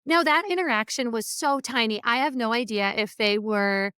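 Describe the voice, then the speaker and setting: Smooth-voiced woman podcast host. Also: a little high, normal speed, sharp tone, no echo, studio quality. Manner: conversational, acts out quoted remarks. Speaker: podcast host and keynote speaker. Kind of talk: motivational podcast monologue.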